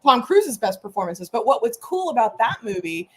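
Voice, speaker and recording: A woman's voice: on the high side, sing-song, normal speed, husky. A woman co-hosting a podcast, chatting casually and animatedly about a film and laughing often. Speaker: podcast co-host.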